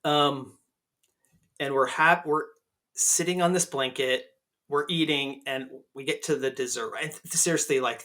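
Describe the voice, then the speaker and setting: A man in his forties telling a personal story as a podcast guest, animated and checking in with "right?" at the end of his sentences. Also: mid-range voice.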